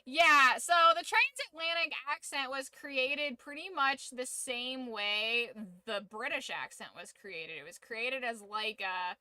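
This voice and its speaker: A woman's voice: high voice, animated, slow pace, hardly any pauses, bright, forceful tone, clear, resonant tone, dry recording. A woman hosting a casual livestream, giving an opinionated, profanity-laced rant. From United States. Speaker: streamer and channel host.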